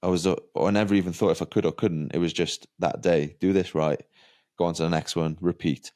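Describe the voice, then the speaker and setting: A Welsh man in his thirties, a professional cyclist, chatting relaxed and matter-of-fact during an interview on a massage table, sprinkling in "like" and "you know". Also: low-pitched, a little fast. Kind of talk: reflective interview chat.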